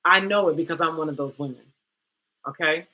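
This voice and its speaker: Woman coach spilling a personal story, dramatic and animated, bright voice, lots of girl and baby. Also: sits low, quick pace. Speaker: coach and host. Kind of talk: candid personal storytelling to the camera.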